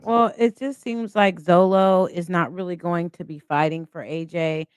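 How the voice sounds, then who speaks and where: A woman's voice: lowish voice, steady tone, moderate pace, heavy background noise. A woman hosting a casual live stream, chatting and reading viewer comments aloud.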